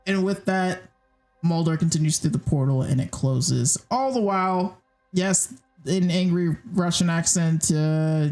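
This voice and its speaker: A woman's voice: lowish voice, measured pace, darkish tone, faint music behind. A woman narrating a tabletop game as game master, casual and hesitant with many fillers.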